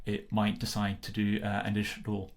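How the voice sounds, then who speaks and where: A man casually narrating a screen-recorded software tutorial, relaxed and explanatory, with many filler pauses. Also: lowish voice, vocal fry. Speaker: software demo presenter.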